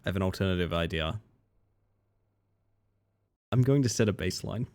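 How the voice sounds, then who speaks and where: Late at night, a low-voiced man streams a game live and keeps up easygoing commentary at an ordinary pace. He's drowsy yet talkative, reading out messages from chat and replying to them while he plays.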